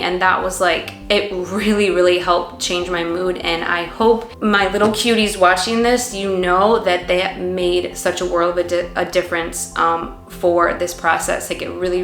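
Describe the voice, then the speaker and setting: A woman's voice: medium pitch, fairly bright tone, echoey room. A mother in her thirties earnestly telling her birth story to the camera, emotional and full of "like" fillers.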